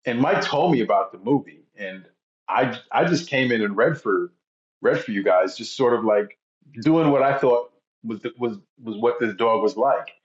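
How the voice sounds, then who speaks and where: A man, an actor guest in an interview, speaking haltingly and repeating words as he hunts for what to say. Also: medium pitch, roomy sound, muffled recording. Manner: halting, repeats words while searching for them. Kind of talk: casual interview chat.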